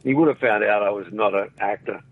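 Over a phone-like radio line, a slightly rough, low-leaning male voice moves a little fast. He is an older Australian ex-actor guesting on an interview, telling rambling anecdotes, chuckling, and playing out the voices of those he quotes.

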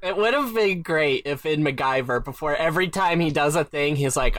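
A man chiming in with quick jokes and reactions in casual chat. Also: on the high side, a bit bright, a little hiss or hum. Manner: wisecracking, quick jokey interjections.

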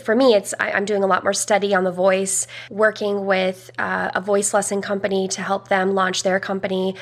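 A woman's voice: mid-range voice, little pitch movement, moderate pace. Young woman vocal coach chatting on a podcast, earnest, kinda thoughtful. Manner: earnest, reflective, with fillers. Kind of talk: podcast interview.

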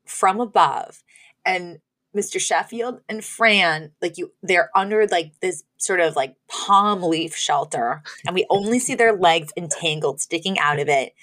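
A woman's voice: lowish voice, unhurried, a bit bright. A woman co-hosting a podcast, recapping a TV episode in casual chat, full of fillers and giggles. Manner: chatty, filler-heavy storytelling with frequent giggles. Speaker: podcast co-host.

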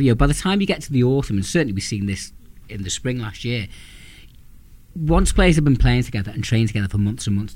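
A man's voice: mid-range voice, a little mellow, no room sound. A man co-hosting a casual football chat, giving thoughtful opinions with frequent hesitations and restarts. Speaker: podcast co-host.

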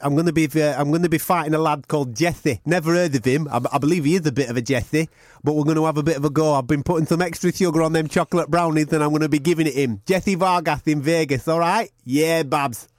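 Man putting on a brash boxer, cocky and slangy, a touch high, dry sound. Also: fast, a little mellow, dry recording, natural voice.

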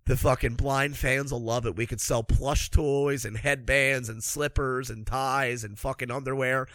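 A man's voice: mid-range voice, steady tone, moderate pace, hardly any pauses, a bit bright, no room sound. A man ranting angrily about hockey, sarcastic and swearing constantly, a little congested from allergies. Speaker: hockey commentator. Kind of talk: profane ranting sports commentary.

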